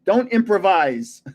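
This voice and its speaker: The recording is muffled, carrying a man's somewhat high, slightly mellow voice with a breathy edge. He's in his seventies, hosting a casual livestream, rambling along with frequent chuckles and trailing off when words escape him.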